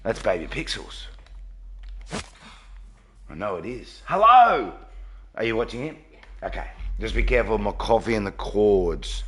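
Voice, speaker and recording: A man's voice: lowish voice, sing-song, measured pace, pauses often, a bit bright, slight background noise. A man live-streaming a game from his home studio, chatting casually and greeting viewers by name.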